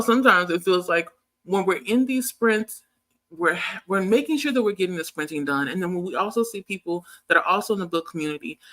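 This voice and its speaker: A woman hosts a casual livestream, with a bright, forceful voice. She talks in a loose, chatty way, reads viewer comments aloud and laughs easily between thoughts. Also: mid-range voice. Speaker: livestream host.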